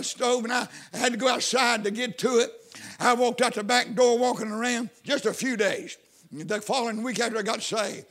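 A preacher man gives his testimony in a very high voice. His tone is bright and forceful, with a folksy, repeating cadence that swells into fervent shouts. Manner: fervent, rising to shouts and whoops. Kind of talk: testimony sermon.

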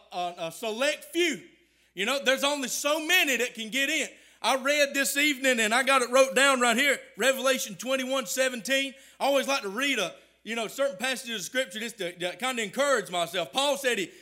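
High, bright-voiced preacher man. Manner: builds to loud shouted emphasis, halting repetitions. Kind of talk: sermon.

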